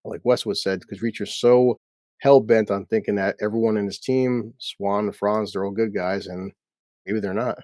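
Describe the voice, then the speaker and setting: A man with a low, mellow voice casually walks through episode scenes. He quotes lines from them in his retelling. The sound is dry and close. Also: steady tone, normal speed, no room sound. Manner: recaps scenes by quoting dialogue. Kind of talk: casual chat recapping a TV episode.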